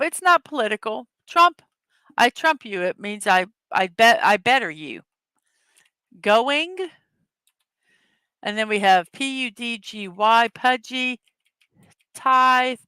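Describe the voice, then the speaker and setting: A woman hosts a casual morning stream, chatty and upbeat, and greets her viewers by name. Her voice is fairly high, bright and smooth, and she takes her time. The sound is dry and close. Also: expressive, dry recording. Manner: reads words slowly one at a time. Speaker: host of a daily morning show. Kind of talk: casual livestream chat, reading puzzle words and memes aloud.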